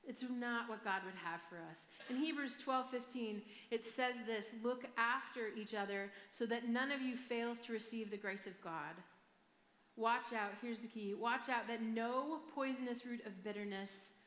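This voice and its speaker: A woman's voice: a little high, a little slow, fairly bright tone. A woman pastor with a Michigan accent, preaching a sermon in a chatty, self-deprecating way and often asking the crowd "right?". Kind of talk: sermon with personal story. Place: large church hall. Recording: echoey church hall with long reverb.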